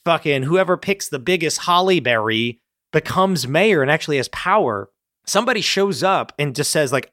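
A man in casual chat, animated and profane, acting out characters' lines as he brainstorms a story. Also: fairly high pitch, moderate pace, dry recording, clean studio sound.

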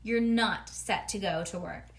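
A stern, grumpy father lectures his small daughter in a storybook, read aloud by a woman. He speaks curtly and firmly, a little lower than the reader's own voice. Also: a little slow, lightly acted.

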